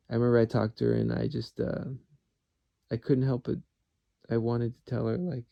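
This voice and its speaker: Man, very gravelly low-lit voice, dry close sound; candid rambling solo vlogger who swears. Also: warm tone, dry recording, highs cut off. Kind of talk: rambling personal monologue.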